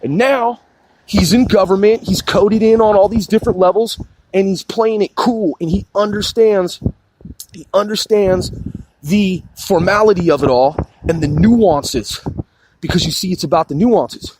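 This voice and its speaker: A man's voice: high voice, unhurried, a little mellow, a little hiss or hum. A man on a heated political rant, swearing constantly, repeating and restarting his sentences.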